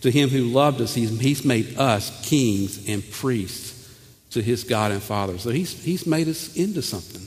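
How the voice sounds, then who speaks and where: Animated preacher in an echoing hall. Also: male voice, mid-range voice, unhurried. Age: 40s. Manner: animated, repeats words, swings from loud to hushed. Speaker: pastor. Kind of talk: sermon.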